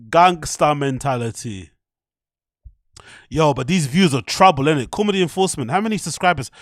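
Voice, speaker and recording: A man's voice: a little high, dry recording, clean studio sound. A young man talking loosely to his live stream chat, laughing often and swearing casually.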